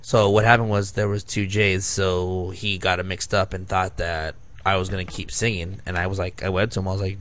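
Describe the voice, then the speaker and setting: A podcast co-host in his thirties spins long, rambling, profane stories and often laughs at himself. His voice sits low and a bit bright, with a level tone, brisk pace, and few pauses.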